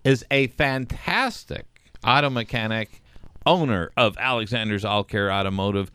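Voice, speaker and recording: A man's voice: fairly low pitch, normal speed, bright, forceful tone, clean tone, no echo. A male radio host leading casual banter and reading a sponsor plug in a joking manner. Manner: joking, teasing, reads ad copy.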